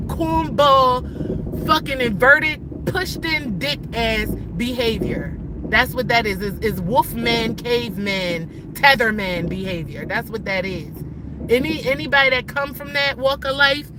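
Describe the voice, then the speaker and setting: A woman's voice: high-pitched, background noise. A woman in her thirties livestreaming from inside her car as she drives, ranting in a heated, profane, rambling way. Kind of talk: ranting live stream while driving. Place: inside a car while driving.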